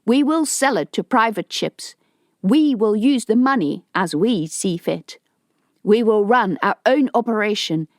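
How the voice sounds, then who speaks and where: A woman's voice: medium pitch, animated, measured pace, no room sound, studio quality, lightly acted. A woman voicing a rebel leader in an audiobook, giving a defiant, rousing speech to a crowd. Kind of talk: audiobook character voice.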